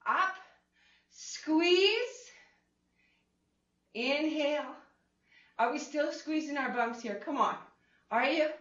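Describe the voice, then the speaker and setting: A woman's voice: high voice, a bit bright. A woman leading a chair-friendly exercise class, upbeat, playful and encouraging, cheering her class on. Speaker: fitness instructor. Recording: echoey room, mic at a distance, dull lo-fi sound.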